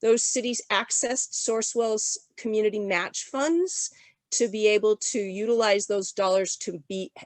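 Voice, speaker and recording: Woman presenter, sick, rattling off updates fast in an auctioneer voice over a dry video-call mic. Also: medium pitch, no room sound. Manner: rapid-fire auctioneer-style delivery. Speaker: regional development commission presenter. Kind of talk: briefing presentation at an online summit.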